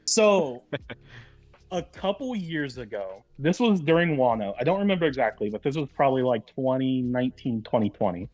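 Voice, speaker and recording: A man's voice: medium pitch, very animated, moderate pace, a little mellow. Man laying out a fan theory. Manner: explains fan theories at length, reads quotes aloud. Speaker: podcast co-host. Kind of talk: casual chat.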